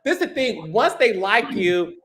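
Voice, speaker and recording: A male podcast host in casual chat, playful and laughing often, sometimes dropping into a deeper put-on voice. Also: very animated, normal speed, a bit bright.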